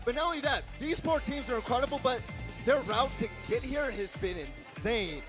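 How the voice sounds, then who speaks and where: A man's voice: extremely high pitch, expressive, moderate pace. A man from the United States hosting a live esports broadcast, announcing results with hyped enthusiasm. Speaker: esports event host. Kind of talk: live esports desk commentary. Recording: music under the broadcast.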